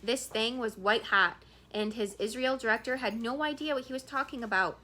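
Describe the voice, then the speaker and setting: A woman reads a novel aloud in a bright, clear voice. She keeps a steady storytelling pace and now and then restarts a word. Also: fairly high pitch, moderate pace, a little hiss or hum. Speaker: audiobook reader.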